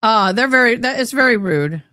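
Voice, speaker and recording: Here a woman hosts a casual YouTube livestream in agitated, ranting bursts, her slightly high voice pushed and bright with lively intonation at a moderate pace. A desk mic sits close by in her sunlit home room.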